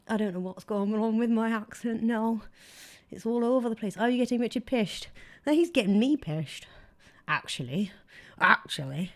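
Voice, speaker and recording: A woman's voice: on the high side, animated, normal speed. A woman co-hosting a casual live-stream chat, reading viewer comments aloud and breaking into silly songs. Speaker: co-host.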